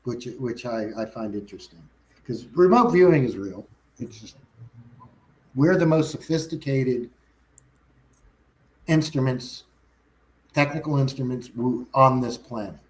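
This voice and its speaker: A man's voice: mid-range voice, unhurried, pauses often, low-quality recording. Rambling man talking shop. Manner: rambling, frequent restarts and self-corrections. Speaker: guest. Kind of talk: casual chat.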